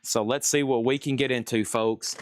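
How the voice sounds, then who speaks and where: A man's voice: mid-range voice, fairly even intonation, moderate pace, a little hiss or hum. A man hosting a live-streamed record sale. He chats and jokes like a salesman while calling out prices and buyers. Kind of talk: live auction sales patter.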